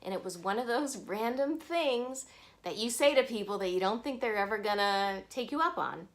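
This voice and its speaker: A woman's voice: fairly high pitch, animated, moderate pace. A woman vlogger telling a personal story to the camera, acting out the people she quotes.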